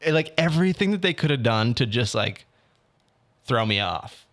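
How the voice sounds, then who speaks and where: Young man, casual podcast chat, animated storytelling, mid-range voice. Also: medium pitch, normal speed. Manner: animated storytelling, acts out others' lines. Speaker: podcast co-host.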